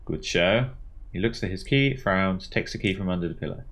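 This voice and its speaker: A man's voice: sits low, fast, a bit bright. A man reading a mystery game aloud, with wry, dry asides between passages.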